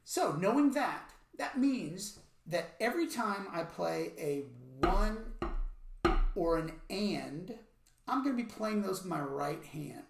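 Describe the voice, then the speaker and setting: A woman's voice: fairly low pitch, expressive, unhurried, vocal fry. A woman teaching a drum exercise, patiently explaining and counting sixteenth notes aloud with methodical repetition. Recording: echoey practice room, faint noise.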